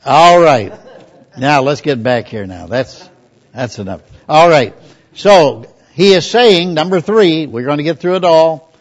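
An older male pastor preaches a conversational sermon in a fairly high voice with lively intonation, never rushing. He tells folksy stories and reads scripture aloud. The recording is dull and lo-fi.

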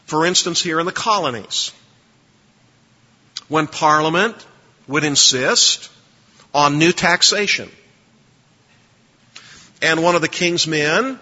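A man's voice: on the high side, unhurried, pauses often, sharp tone. A man lecturing a class on preaching, emphatic, quizzing listeners to fill in blanks in their notes. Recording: dull lo-fi recording with long reverb.

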